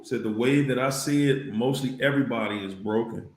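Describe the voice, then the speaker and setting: A man hosting a casual livestream, reading viewer comments aloud, repeating phrases for emphasis and breaking into loud exclamations. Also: mid-range voice, a little fast, hardly any pauses, roomy sound.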